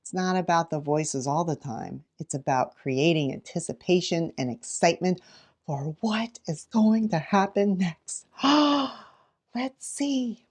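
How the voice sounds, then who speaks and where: A middle-aged woman teacher sharing read-aloud tips in a lively, dramatic way, gasping now and then to build suspense. Her voice sits fairly low for a woman. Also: a little slow. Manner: animated, dramatic, with gasps. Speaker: teacher and children's librarian.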